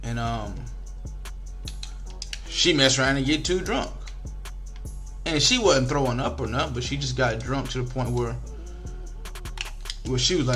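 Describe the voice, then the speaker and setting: A man's voice: medium pitch, unhurried, pauses often, faint music behind. A young man giving casual, frustrated commentary over a football video game, swearing often and shifting between rants and storytelling. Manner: frustrated, animated, swears a lot, African American Vernacular English speech patterns.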